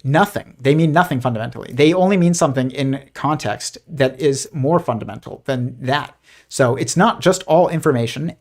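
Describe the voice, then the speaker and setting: A man hosting a live stream, talking in a rambling, argumentative way, with frequent restarts and fillers, dismissive of the ideas he discusses. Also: medium pitch. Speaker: host.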